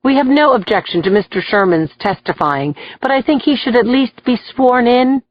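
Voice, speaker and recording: Woman reading a firm, brisk female prosecutor. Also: on the high side, animated, dry recording, muffled recording, voice pushed up. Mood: assertive.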